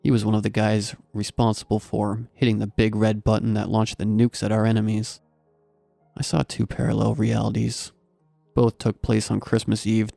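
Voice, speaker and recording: A man's voice: fairly low pitch, creaky, warm tone, dry recording. A man narrating a scary story in a dry, wry storytelling manner. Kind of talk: scripted horror story narration.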